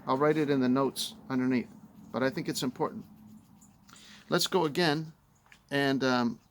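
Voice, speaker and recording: A man's voice: medium pitch, steady tone, normal speed. A man giving a casual spoken book review, conversational with fillers, growing emphatic as he argues.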